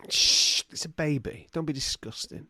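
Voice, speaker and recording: A podcast co-host spins a silly improvised story, acting out lots of different voices in an animated way. His voice is medium-pitched at a moderate pace, and the recording is dry.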